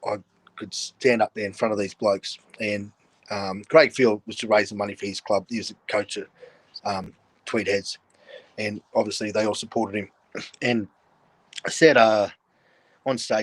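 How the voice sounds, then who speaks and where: A man's voice: lowish voice, steady tone, moderate pace, long pauses, dry recording. An older Australian man, a guest, telling stories frankly in casual chat and laughing often, joining over a video call. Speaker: guest, former rugby league player.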